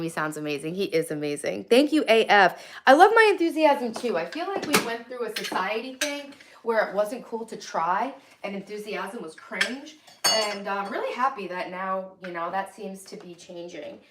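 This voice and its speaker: Upbeat woman host chatting with her chat while tidying a kitchen, mid pitch, light dish noise behind. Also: animated, moderate pace. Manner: bubbly, enthusiastic, reads chat aloud. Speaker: livestream host. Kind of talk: casual livestream chat. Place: home kitchen.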